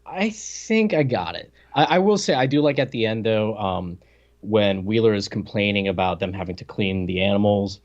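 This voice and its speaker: A man's voice: fairly low pitch, expressive, normal speed, dull audio. A man co-hosting a podcast, joking around casually and often restarting his sentences. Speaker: podcast co-host. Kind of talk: casual chat about a cartoon.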